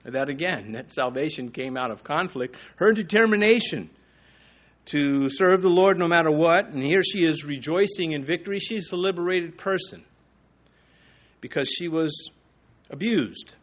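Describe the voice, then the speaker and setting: Man preaching an expository sermon. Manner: slows and rises in pitch on quoted scripture.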